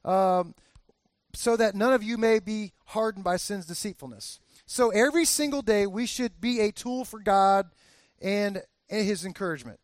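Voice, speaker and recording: High-voiced pastor preaching candidly. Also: male voice, normal speed, no room sound, studio quality. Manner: candid, conversational, with frequent restarts. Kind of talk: sermon.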